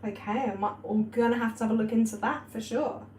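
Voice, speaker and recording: A woman's voice: a little high, fairly even intonation, quick pace, a little mellow. Young woman rambling on a livestream, lots of likes and ums, roomy echo, bit of background hum. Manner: chatty, rambling, lots of fillers and laughs. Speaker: astrology and spirituality livestream host. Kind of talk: casual livestream chat reading viewer comments. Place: warm indoor room at home. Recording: echoey room with faint ambient noise.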